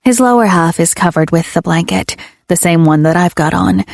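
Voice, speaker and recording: A woman reads a first-person romance audiobook, soft-spoken and intimate. Her fairly low voice carries a gravelly fry, and the recording is dry and close. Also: moderate pace, no echo. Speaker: audiobook narrator.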